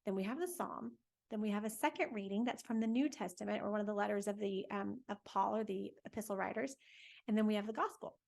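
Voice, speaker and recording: A woman hosting a faith lesson for families, telling a Bible story to children in a lively, conversational way and asking her listeners questions as she goes. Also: medium pitch, fast, vocal fry. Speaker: catechist host for families.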